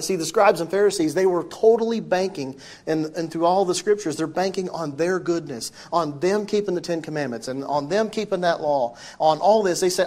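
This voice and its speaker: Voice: medium pitch, moderate pace, few pauses. Preacher reading and explaining scripture. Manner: reads old-style scripture aloud, then explains it with questions to the listeners; shifts often between loud emphasis and soft, hushed delivery.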